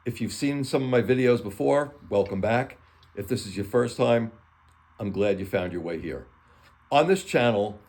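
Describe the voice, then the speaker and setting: Earnest lower-voiced male storyteller. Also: darkish tone. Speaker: author and channel host. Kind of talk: reading stories aloud on a video channel.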